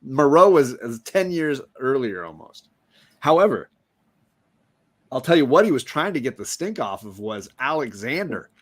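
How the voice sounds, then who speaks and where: Man, casual film chat, animated storyteller, acts out quotes, co-host. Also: mid-range voice. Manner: animated storyteller, acts out movie lines in quick voices. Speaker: co-host of a movie discussion show.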